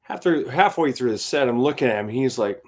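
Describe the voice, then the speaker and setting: A man's voice: medium pitch, expressive, a little fast, a little mellow. A man hosting his own channel and chatting casually as a gigging guitarist, telling stories with lots of fillers and laughs. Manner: rambling storyteller with many fillers and laughs. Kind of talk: casual chat to a live stream audience.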